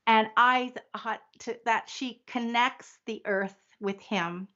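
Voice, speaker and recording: An older woman from Canada, a guest in a conversational interview, speaking reflectively with frequent restarts and soft laughs. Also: on the high side, lo-fi sound. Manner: reflective, halting, often restarts and laughs softly.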